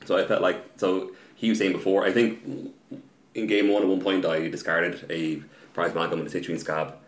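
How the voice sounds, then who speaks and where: In a casual podcast chat, a man with a low-pitched voice tells a story about a card game match, halting and repeating words. He gets more animated as the story builds, and the room is echoey.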